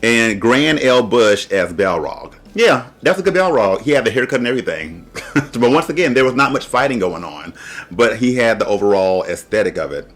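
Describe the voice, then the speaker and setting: A man's voice: medium pitch, very animated, moderate pace, fairly bright tone, soft background music. A man hosting a casual review, chatty and blunt, joking and laughing often. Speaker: host.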